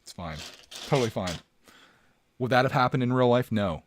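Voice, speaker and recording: A man's voice: medium pitch, expressive, normal speed, background noise. A man hosting a casual live stream from home, joking around and chatting with his viewers.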